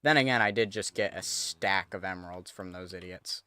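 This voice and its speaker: A man's voice: low-pitched, moderate pace, pushed and bright, clear, resonant tone, dry recording. A man streaming a game, chatting casually to viewers as he thinks aloud and corrects himself. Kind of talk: casual gameplay commentary.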